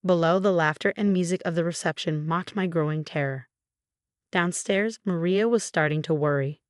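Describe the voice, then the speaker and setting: A woman's voice: fairly low pitch, normal speed, smooth, no room sound, studio quality. A woman narrating a dramatic first-person story.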